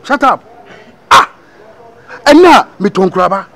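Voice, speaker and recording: A man's voice: high-pitched, sing-song, measured pace, gravelly, full character voice. A man voicing an exasperated friend who scolds and mocks a liar, with a Ghanaian accent, in a comic cartoon dub. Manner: scolding, shouting, mocking.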